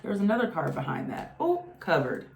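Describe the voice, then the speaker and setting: A woman's voice: on the low side, huge pitch swings, brisk, vocal fry. A woman casually reading tarot cards, chatty and exclamatory. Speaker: tarot reader. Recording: echoey room.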